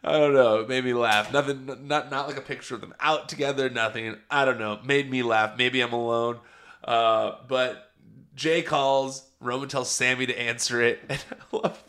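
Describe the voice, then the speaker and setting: A man's voice: mid-range voice, steady tone, moderate pace, fairly bright tone. A man giving a chatty, enthusiastic casual recap, rambling into asides as he goes. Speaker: wrestling show reviewer.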